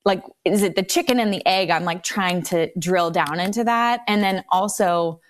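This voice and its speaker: A woman's voice: lowish voice, moderate pace. Chatty woman podcast host thinking aloud. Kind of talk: casual podcast conversation.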